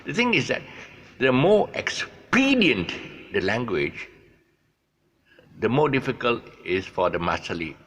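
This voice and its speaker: A man's voice: medium pitch, big pitch swings, unhurried, pauses often, a bit bright, slightly rough. An older man from Malaysia tells stories in a casual, hesitant way, full of fillers. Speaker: vlogger. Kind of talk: casual storytelling monologue.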